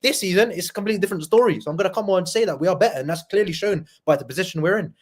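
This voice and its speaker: A man on a football fan panel show, arguing his point in casual, repetitive debate. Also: sits high. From not from Liverpool. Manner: fast, argumentative, repeats words when making a point.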